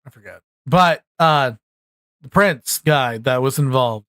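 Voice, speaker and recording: A man's voice: medium pitch, takes it slowly, a bit bright, dry recording. A tired man giving casual, rambling political commentary, frustrated and restarting often. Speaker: commentary YouTuber. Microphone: USB desktop mic.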